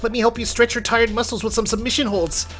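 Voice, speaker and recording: A man's voice: extremely high pitch, flat delivery, fast, over music, voice pushed up. A man voicing an eager, cheerful young woman classmate in a video game, bubbly and helpful. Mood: playful.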